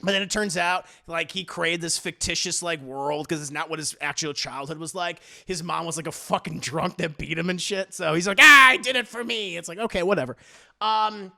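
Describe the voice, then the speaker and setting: A man giving a casual, profane movie review on a live stream, animated and slipping into mock voices for the characters. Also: fairly high pitch, brisk, creaky. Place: home streaming setup. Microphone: desk mic on a live stream.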